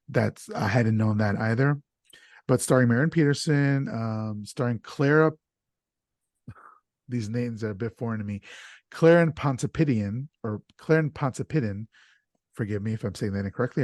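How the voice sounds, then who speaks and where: A man's voice: medium pitch, a little mellow, no echo. Chatty male podcast host, dry sound. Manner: chatty, stumbles over names, laughs easily. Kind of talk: casual podcast chat.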